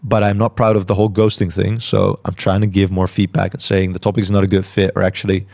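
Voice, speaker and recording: A man hosting a podcast, answering listener questions in a calm, reflective way and articulating each word carefully. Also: low voice, fast, vocal fry. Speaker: podcast host. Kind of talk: solo Q&A talk.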